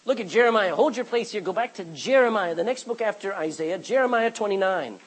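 A middle-aged man preaching a sermon as pastor, swinging from quiet asides to sudden loud cries. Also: sits high, fairly quick, slightly rough, rough recording.

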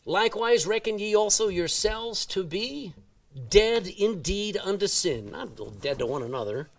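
A man from Texas with a Texan accent, preaching a sermon in a folksy, animated way and drawing out words for emphasis. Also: sits high, a little slow, gravelly, distant mic, slight background noise. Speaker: pastor. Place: church.

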